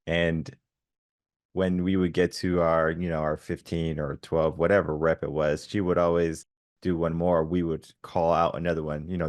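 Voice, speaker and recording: A man's voice: low-pitched, fairly even intonation, normal speed, dry recording, clean studio sound. A man hosting a coaching podcast, reflecting in a loose, rambling way with lots of fillers. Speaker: podcast host. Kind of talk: podcast interview.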